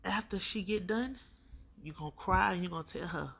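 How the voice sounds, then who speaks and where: Spiritual reader, gravelly husky voice, blunt preachy advice, keeps saying baby and you heard me. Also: medium pitch, moderate pace, a bit bright. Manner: emphatic, keeps calling the listener baby and checking in. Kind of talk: intuitive reading addressed to the viewer.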